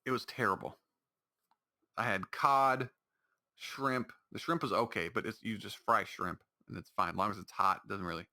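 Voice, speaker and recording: A man's voice: on the low side, moderate pace, bright, forceful tone. A man hosting his own podcast, talking alone in a rambling, exasperated way with lots of restarts. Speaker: podcast host. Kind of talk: solo casual podcast monologue.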